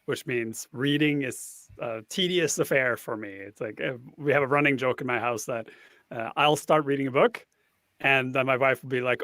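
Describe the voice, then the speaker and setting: A man's voice: mid-range voice, normal speed, fairly bright tone, dry recording. A man, a guest on a casual panel chat, explaining a tool at length and thinking aloud as he goes.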